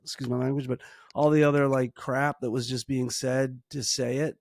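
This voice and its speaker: A middle-aged man co-hosting a casual advice chat. He talks earnestly about parenting, often restarts his sentences and slows down to stress a point. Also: medium pitch, level tone, gravelly. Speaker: podcast co-host, parent.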